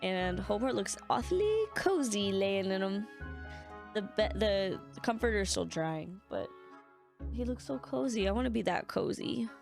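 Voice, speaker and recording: A woman's voice: mid-range voice, expressive, unhurried, gravelly, a little mellow, faint music behind. A young woman streamer chatting casually and sleepily while playing a game and reading its lines aloud. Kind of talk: casual let's-play chat.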